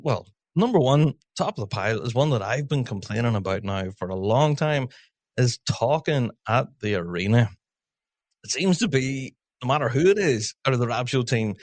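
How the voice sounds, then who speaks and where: A man's voice: mid-range voice, dry recording. Brief: male podcast host, chatty and laughing, dry close studio sound. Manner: chatty, laughs often, quick asides. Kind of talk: casual chat.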